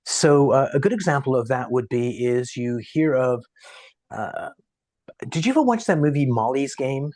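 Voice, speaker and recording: A man's voice: medium pitch, moderate pace, dry recording. Man telling a story, dry close sound. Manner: animated anecdote-teller, acts out quotes. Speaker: podcast guest, sales coach. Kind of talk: casual storytelling in conversation.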